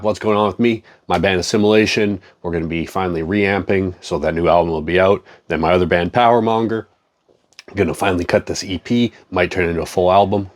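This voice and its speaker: A man in a profane, joking, rambling casual chat, talking as a comic collector. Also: sits low.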